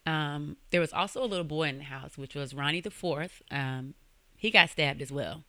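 A woman's voice: deep voice, moderate pace, pushed and bright, no room sound. A young woman hosting a podcast, telling a true-crime story in a casual, slangy way and swearing freely. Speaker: podcast host.

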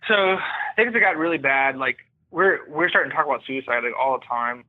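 On a tinny, phone-like line, a male podcast guest shares his own story in an earnest, candid, reflective manner. His voice sits in the mid range and moves at a normal speed.

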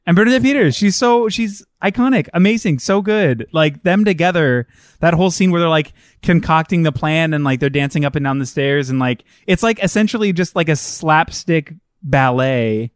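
A man co-hosting a podcast, chatting casually and enthusiastically, full of fillers and quick asides. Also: on the high side, expressive, dry recording, clean studio sound. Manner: enthusiastic, rambling with many fillers. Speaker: podcast co-host. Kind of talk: casual chat.

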